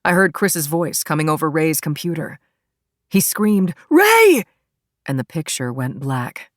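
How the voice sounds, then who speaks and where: Low-voiced woman narrating a thriller. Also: normal speed, dry recording, studio quality. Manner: tense, dramatic reading. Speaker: audiobook narrator. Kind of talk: scripted first-person thriller narration.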